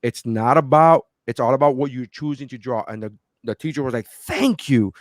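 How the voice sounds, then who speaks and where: A man in his thirties co-hosts a podcast, telling a story in a lively, animated way during casual chat and acting out other people's voices. His mid-range voice moves briskly, captured in clean studio sound with no echo.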